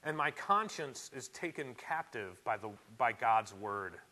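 A man preaching a sermon in a church, animated and emphatic, with sudden loud rises. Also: mid-range voice, unhurried, rough recording. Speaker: pastor.

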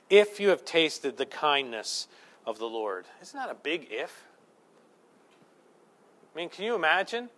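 A medium-pitched male pastor in his thirties gives a sermon built on lively stories and humor at his own expense. His delivery swings from loud emphasis to soft asides.

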